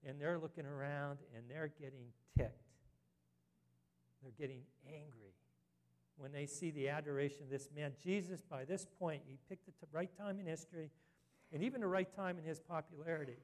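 A man's voice: a little high, a little mellow. Man preaching an earnest sermon. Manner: earnest preaching, rising to emphatic scripture reading. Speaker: pastor.

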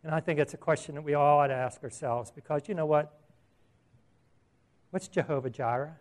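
Chatty preacher man with a higher voice. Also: steady tone, fairly quick. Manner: conversational, asks the audience questions, chuckles at his own asides. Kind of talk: sermon.

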